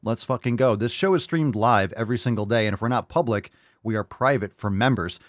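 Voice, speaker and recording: A man hosting his own livestream podcast, delivering a loud, profane, jokey and hyped-up monologue. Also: on the low side, a little fast, no room sound, clean studio sound. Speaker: podcast host. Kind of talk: brash comedic livestream monologue.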